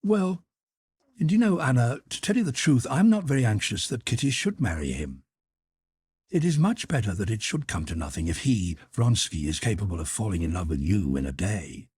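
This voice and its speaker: A kindly, gently teasing married woman, as a male reader puts her on with a breathy voice raised above his low register. She speaks in an affectionate, coaxing way. The recording is dry and close. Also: big pitch swings, moderate pace, no room sound, heavily acted. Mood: frank. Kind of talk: audiobook character voice.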